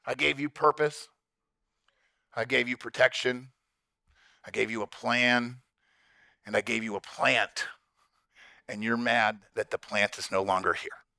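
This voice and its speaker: A man voicing a patient, weary deity who calmly lectures a sulking man. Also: mid-range voice, unhurried, gravelly, pauses often, no room sound, studio quality, pitched below the performer's own voice.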